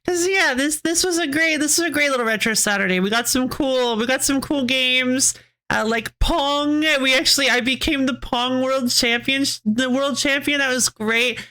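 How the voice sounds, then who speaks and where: A woman streaming games, chatting casually with her viewers. Her voice sits a bit high and comes across bright. She rambles, trips over her sentences and keeps breaking into giggles. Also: moderate pace. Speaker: game streamer. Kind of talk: casual live-stream chat, answering chat.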